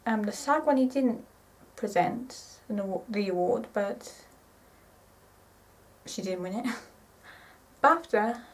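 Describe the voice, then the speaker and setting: A woman in her twenties chatting casually to camera in a rambling, excitable way, often correcting herself. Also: medium pitch, takes it slowly, long pauses, recorded from a distance, poor audio. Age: 20s. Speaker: vlogger.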